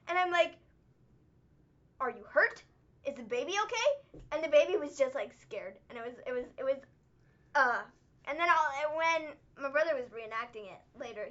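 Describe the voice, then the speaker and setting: A high, bright woman's voice that swings up and down as she tells a story and laughs often. She co-hosts a casual chat, and the audio is slightly dull and lo-fi. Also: a little fast. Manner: giggly, animated storyteller. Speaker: co-host.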